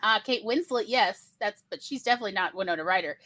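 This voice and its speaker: A woman hosting a casual panel chat, talking in an animated, digressive way. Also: medium pitch, quick pace, no room sound. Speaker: host.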